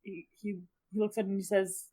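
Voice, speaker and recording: A woman's voice: mid-range voice, level tone, fairly quick, dark tone. A woman playing a tabletop game casually, describing her actions and laughing often. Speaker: player.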